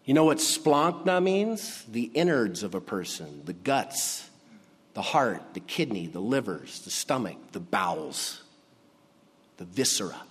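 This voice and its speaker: Male pastor, sermon delivery, unhurried and emphatic, hushed on key words; reverberant church hall. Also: lowish voice, very animated, husky. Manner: slow and emphatic, dropping to a hush on key words.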